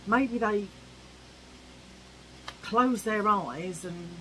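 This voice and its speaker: A woman's voice: medium pitch, very slow, pushed and bright, a little hiss or hum, low-quality recording. A woman ranting cheekily to camera in a casual vlog, chatty and opinionated. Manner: chatty, cheeky, ranting, mimics old-fashioned voices. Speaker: vlogger.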